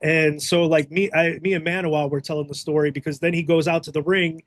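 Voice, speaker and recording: A middle-aged man hosting a podcast, telling a backstage story in a casual, animated way, swearing freely and acting out the quotes. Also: fairly high pitch, a little fast, no echo. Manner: animated, profane, acts out quotes. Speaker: podcast host.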